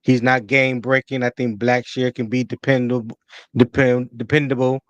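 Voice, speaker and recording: A man co-hosting a casual sports chat, musing in a laid-back, drawn-out way. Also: medium pitch, flat delivery, no echo. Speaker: podcast co-host.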